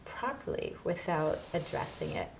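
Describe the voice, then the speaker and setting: A woman interviewer with a fairly low voice offers steady, supportive affirmations. She reflects back what her guest says. A faint noise hum sits under the recording. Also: normal speed, creaky. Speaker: interviewer, life coach. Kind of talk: interview conversation.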